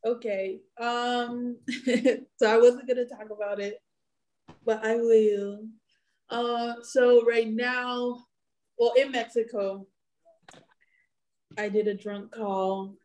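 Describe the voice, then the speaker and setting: Young woman, podcast co-host, unhurried, slightly high voice, rambling, laughing storyteller. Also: fairly even intonation, a little mellow. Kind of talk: casual chat.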